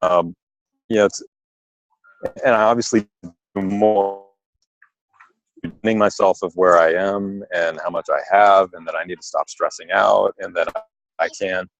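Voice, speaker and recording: A man on a group call, talking in a hesitant, halting way with many fillers. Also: low-pitched, fairly even intonation, no room sound, highs cut off. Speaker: call participant.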